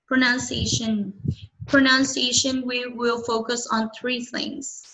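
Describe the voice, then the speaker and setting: A woman's voice: a little high, little pitch movement, a little slow, bright, forceful tone, low-quality recording. A woman whose first language is Vietnamese, teaching English one-on-one and explaining patiently with frequent checking questions.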